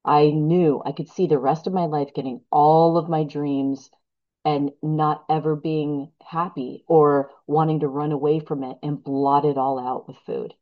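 Woman, middle-aged, recovery share, rambling, candid, self-deprecating, lowish voice, lo-fi recording. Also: fairly even intonation, a little slow. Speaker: speaker sharing at a recovery meeting. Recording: dull lo-fi recording.

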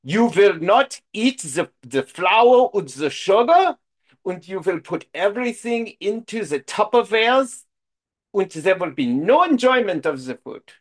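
A man's voice: sits high, big pitch swings, unhurried, voice pushed up, heavily acted. A man putting on a stern, rule-bound food-plan zealot who barks orders in an exaggerated put-on accent. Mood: commanding.

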